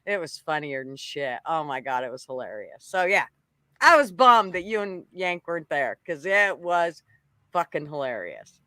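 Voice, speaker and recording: A woman's voice: low voice, moderate pace, no echo. A woman co-hosting a live stream, casually telling a story full of swearing and laughter. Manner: laughing, profane, animated storyteller. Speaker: co-host.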